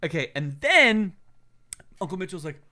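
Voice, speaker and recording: A man's voice: high voice, moderate pace. A young man co-hosting a podcast, telling a story in casual chat, profane and laughing, acting out the voices of people he quotes. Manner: animated, profane, laughing, acts out voices in stories. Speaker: podcast co-host.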